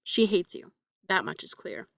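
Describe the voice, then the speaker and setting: A woman reading the part of a cautious middle-aged male solicitor who speaks in a formal, measured way. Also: on the low side, sing-song, gravelly, a bit bright, no room sound, full character voice.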